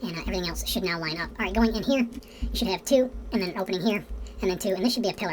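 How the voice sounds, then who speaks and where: A woman's voice: medium pitch, very fast, slight background noise. A woman narrating a casual building tutorial, counting blocks aloud to viewers and swearing under her breath when pieces don't line up. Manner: addresses viewers directly. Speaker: game building tutorial host.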